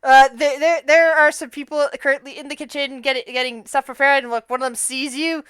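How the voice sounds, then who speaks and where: Brief: woman game master, high and bright, dry close sound, stumbling narration. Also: brisk, no echo. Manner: stammering, restarts, animated. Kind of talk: running a tabletop game.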